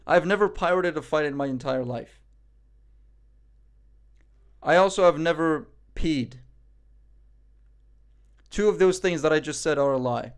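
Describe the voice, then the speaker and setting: Young Moroccan streamer, man, slightly high voice, loose self-deprecating banter. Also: measured pace, long pauses. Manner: joking, self-mocking banter. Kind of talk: casual live-stream chat.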